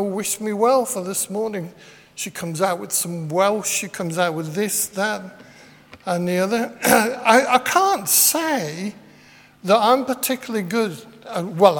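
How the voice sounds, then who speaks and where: A man preaching a rambling, self-deprecating, conversational sermon with many fillers. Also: sits high. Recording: long hall reverb.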